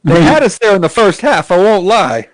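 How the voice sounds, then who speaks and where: A man's voice: high-pitched, sing-song, moderate pace, no room sound. A man in casual podcast chat, tossing in short joking remarks. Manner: joking interjections.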